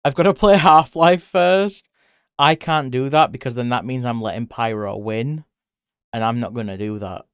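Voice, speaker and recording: Chatty British streamer with a smooth voice. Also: male voice, medium pitch, normal speed, dry recording, clean studio sound. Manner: rambling and chatty, laughs often, voice jumps up when excited. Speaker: livestreamer. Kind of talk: casual live-stream chat, answering chat.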